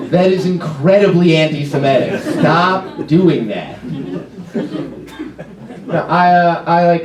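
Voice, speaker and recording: A young man doing a self-deprecating stand-up routine on a comedy club stage, with quick asides and stumbling restarts, heard from a distance over audience laughter. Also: mid-range voice, echoey room.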